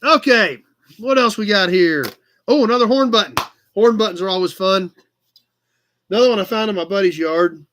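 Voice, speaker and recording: High bright-voiced auction host. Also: male voice, normal speed, long pauses. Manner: upbeat, chatty, calling bids. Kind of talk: casual livestream auction.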